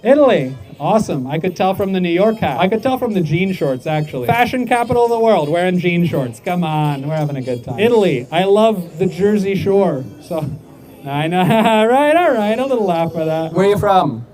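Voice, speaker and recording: A man doing outdoor crowd work, roasting passersby on a city street with rapid deadpan wisecracks. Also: sits high, faint music behind. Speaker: street comedian.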